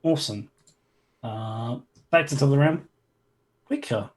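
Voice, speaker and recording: A man acting as game master for a tabletop game played over an online call, relaxed and chatty. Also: mid-range voice, unhurried. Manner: relaxed, chatty, cursing mildly at stream problems.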